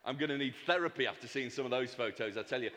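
A man telling a long comic joke at an event, animated and breaking off for asides to the audience. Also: mid-range voice, fast talker, slight background noise. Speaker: speaker at a fundraising event. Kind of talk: comic storytelling with slides. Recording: reverberant hall.

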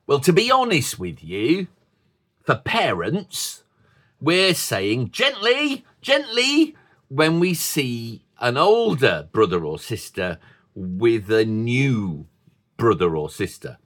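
A man preaching a sermon to a congregation with children, in a slow, thoughtful, conversational way with playful asides. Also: mid-range voice, big pitch swings, fairly bright tone. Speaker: pastor.

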